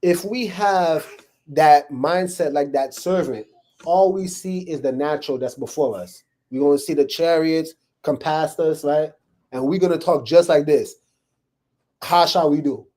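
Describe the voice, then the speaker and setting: A man's voice: a little high, unhurried, warm tone. A man teaching from the Bible to a small group in a room, talking casually and checking in with them often. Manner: casual, checks in with listeners, keeps asking "right?". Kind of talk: conversational sermon to a live group.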